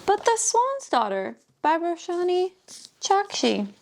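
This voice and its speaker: A woman chatting casually as she unboxes books, gushing, gasping and dropping into soft whispers. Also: very high voice, big pitch swings, slow, gravelly. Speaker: book vlogger.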